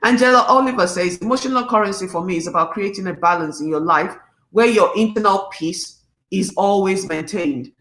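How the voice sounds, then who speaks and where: A woman's voice: mid-range voice, brisk, reverberant. A woman in her fifties hosting a live talk, speaking emphatically and reading out viewers' comments. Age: 50s. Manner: emphatic, animated, preachy. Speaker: host.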